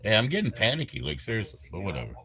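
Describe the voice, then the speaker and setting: A man's voice: lowish voice, wildly swooping pitch, very fast, bright, forceful tone, slight background noise. An older man on a live stream, rambling and swearing as he greets viewers and chats casually.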